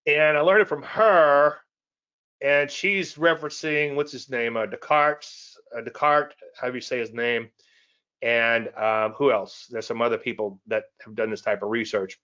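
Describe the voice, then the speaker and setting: A man's voice: medium pitch, fairly even intonation, moderate pace, pushed and bright, muffled recording. A man giving a live trading presentation in a conversational, digressive way, often repeating phrases and chuckling at his own asides. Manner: repeats phrases and restarts sentences. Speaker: trading educator hosting a live weekly show.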